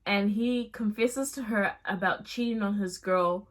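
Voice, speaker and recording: A young adult woman vlogger casually telling a storytime tale, chatty and animated, with slangy asides. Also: medium pitch, measured pace.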